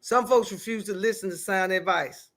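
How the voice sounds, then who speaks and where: A woman's voice: mid-range voice, moderate pace. A woman hosting a livestream, chatting casually through gossip and greeting viewers by name. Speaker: livestream host. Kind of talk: casual commentary.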